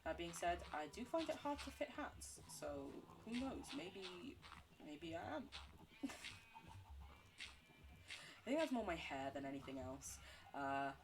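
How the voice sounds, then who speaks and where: Low-pitched woman streaming a game, chatty and rambly, laughs a lot, voice bounces all over. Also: sing-song, measured pace, long pauses, noisy background. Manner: rambling, chatty, laughs often, self-deprecating; responds to chat between game talk. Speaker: livestreamer. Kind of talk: casual gameplay chat with viewers.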